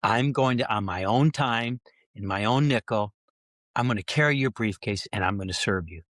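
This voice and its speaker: A middle-aged man, a pastor, telling a personal story on a podcast and acting out his own prayers, his voice climbing as he gets excited. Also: moderate pace, no echo. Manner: animated storyteller who acts out his own prayers, pitch rising when excited.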